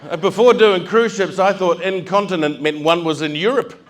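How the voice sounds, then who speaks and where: An animated male stand-up comedian works a live room on a stage mic, acting out his stories and building them up to full shouts. His voice sits slightly high, with audience murmur faintly underneath. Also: moderate pace, a faint crowd, slight background noise. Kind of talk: stand-up storytelling.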